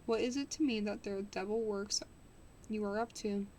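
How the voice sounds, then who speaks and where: A woman's voice: mid-range voice, steady tone, normal speed, mellow, slight background noise, lightly acted. A woman reading the lines of a stern, pale man aloud from a novel, hard and contemptuous in his refusal.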